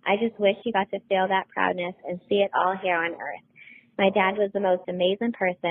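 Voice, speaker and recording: A woman speaks in an earnest, heartfelt tone as she delivers a tribute. Her voice sits on the lower side and comes through thin and tinny, like a phone line. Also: vocal fry. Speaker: daughter giving a tribute. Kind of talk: read tribute message. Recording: phone-like audio.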